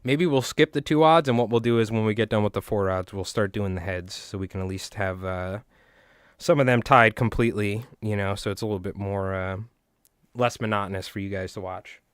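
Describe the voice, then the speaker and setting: A man, chatting in a rambling, animated way to his viewers while tying flies on a live stream. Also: on the low side, fairly quick, clear, resonant tone, no echo, clean studio sound. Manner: rambling, animated, talks to chat.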